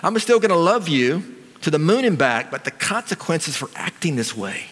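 A middle-aged man preaches into a stage mic, animated and emphatic, and often repeats himself for effect. His voice sits a bit high for a man. A long reverb rings around him in a large church hall. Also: moderate pace. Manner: animated, emphatic storytelling with repetition. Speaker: pastor. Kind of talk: sermon.

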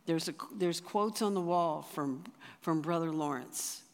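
Framing the sermon as a personal story, this church or retreat speaker talks in a mid-range voice without hurrying. Sentences often restart in the casual flow, and the sound echoes through a reverberant hall.

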